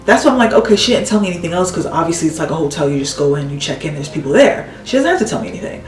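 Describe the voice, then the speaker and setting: A woman's voice: low voice, racing, echoey room, distant mic, faint music behind, rough recording. A woman telling a story casually, venting and acting out what people said while doing her makeup. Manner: animated, exasperated storytelling with acted-out quotes. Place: home room, doing makeup while talking.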